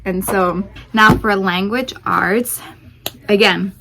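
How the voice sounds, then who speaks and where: A young woman who hosts a homeschooling channel speaks at a measured pace in a medium-pitched voice. She chats casually through a curriculum review, a little out of breath, with lots of fillers and restarts.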